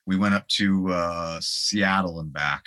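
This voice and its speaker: A man's voice: deep voice, a little slow, pushed and bright. A man, a guest musician, telling rambling anecdotes in a casual interview and laughing along the way.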